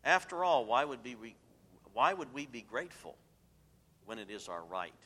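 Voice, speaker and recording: A man preaching a sermon as pastor, emphatic and swinging between loud declarations and hushed asides. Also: medium pitch, big-room sound, a little hiss or hum.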